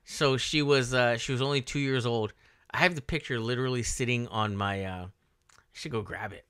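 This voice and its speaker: A man's voice: medium pitch, brisk, sharp tone, smooth, no echo, studio quality. A man in his forties co-hosting a podcast, chatting casually and rambling with lots of fillers. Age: 40s. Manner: rambling, laughing, full of fillers. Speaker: podcast co-host. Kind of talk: casual chat.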